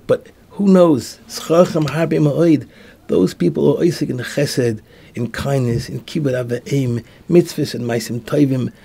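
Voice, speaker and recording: Gravelly-voiced rabbi telling a sermon story. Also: male voice, mid-range voice, fairly even intonation, measured pace. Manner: tells a story, acting out the dialogue in soft, hushed tones.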